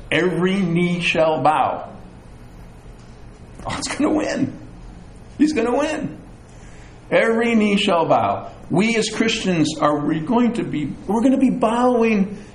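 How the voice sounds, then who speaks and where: A middle-aged man preaching a sermon as pastor, animated, with chatty asides and self-deprecating humor. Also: high-pitched, a little hiss or hum. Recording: echoey room with faint ambience.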